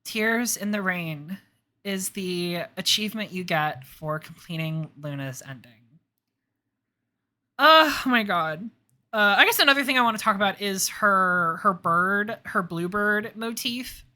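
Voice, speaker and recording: A woman's voice: mid-range voice, animated, a little slow, bright, forceful tone. A young woman streamer giving gushing, emotional commentary on a story game. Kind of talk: let's-play commentary. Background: faint lo-fi background music.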